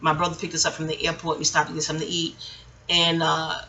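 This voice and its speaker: A woman talks through a long personal story in a bright, forceful voice. She wanders off on tangents and keeps circling back with sharp rhetorical questions. It feels like an unscripted audio-only vlog. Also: sits low, completely flat delivery, fast talker, slight background noise, low-quality recording. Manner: chatty, digressive, asks pointed rhetorical questions. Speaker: vlogger. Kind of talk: rambling personal monologue. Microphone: audio-only home recording.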